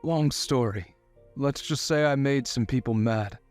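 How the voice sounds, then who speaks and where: A man's voice: mid-range voice, measured pace, darkish tone, faint music behind, natural voice. A man voicing an injured young man who speaks in a weak, wry voice. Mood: weary. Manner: weak, wincing voice.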